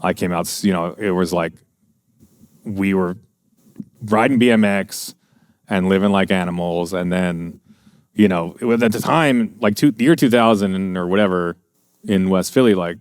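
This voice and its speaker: Low voiced middle aged guy rambling thru swear-y old stories, dry close mic. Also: moderate pace, long pauses, clean tone, no room sound. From USA. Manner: profane, rambling anecdotes. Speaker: podcast guest. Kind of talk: casual storytelling.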